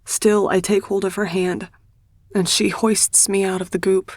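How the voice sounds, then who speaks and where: Woman, audiobook narration, first-person, unhurried, dry close sound. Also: medium pitch, little pitch movement, a little mellow, dry recording.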